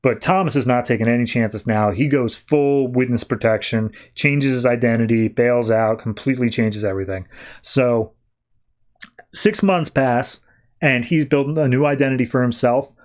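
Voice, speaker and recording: A man hosting a podcast, casually recapping a comic book story with animated storytelling and quoted lines. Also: mid-range voice, normal speed. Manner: animated storytelling, quoting characters. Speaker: podcast host.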